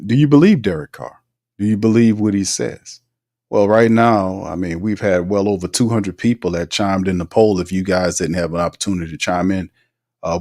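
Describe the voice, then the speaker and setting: A man hosting a live sports call-in stream, energetic and repetitive, laughing often. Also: on the low side. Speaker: livestream show host. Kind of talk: casual live sports talk.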